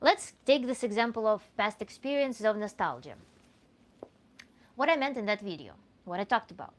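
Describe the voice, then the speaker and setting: A woman with a Russian accent, a coach answering viewer questions in an animated, earnest way with frequent restarts. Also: mid-range voice, normal speed. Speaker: tantra coach.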